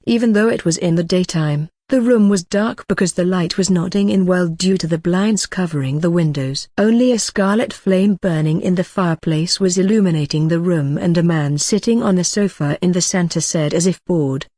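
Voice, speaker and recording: An audiobook narrator reading a fantasy novel in a flat, even way with odd slips. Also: medium pitch, moderate pace, few pauses, no echo, studio quality. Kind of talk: scripted narration.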